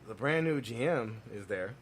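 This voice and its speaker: Profane animated man telling stories. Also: medium pitch, normal speed, slight background noise. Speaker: podcast co-host. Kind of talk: casual chat.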